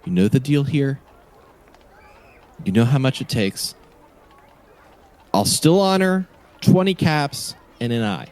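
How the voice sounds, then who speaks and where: A man's voice: mid-range voice, animated, slow pace, long pauses, a little mellow, voice pushed up. A man voicing a pushy male raider boss in an elf costume who bargains insistently, in a tabletop game.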